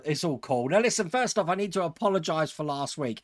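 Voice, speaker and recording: Host, male, fairly high voice, casual and chatty with viewers. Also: lively intonation, fairly quick, few pauses. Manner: chatty, chuckles often, talks to viewers. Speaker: host of a model-building channel. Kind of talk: casual live stream chat.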